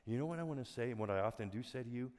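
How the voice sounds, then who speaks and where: A man's voice: mid-range voice, expressive, rapid-fire. Earnest male pastor preaching in a hall. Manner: earnest, soft-spoken, dips to near whispers. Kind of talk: sermon. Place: church auditorium. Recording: long hall reverb.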